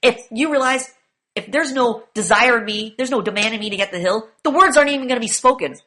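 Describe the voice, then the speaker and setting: A woman's voice: on the high side, quick pace, pushed and bright. A woman teaching a class, lecturing with emphatic, profane rhetorical questions. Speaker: class instructor.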